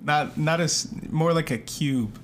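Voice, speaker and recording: A woman's voice: low voice, a little slow, a little hiss or hum. A woman co-hosting a casual podcast chat, dropping dry, joking interjections.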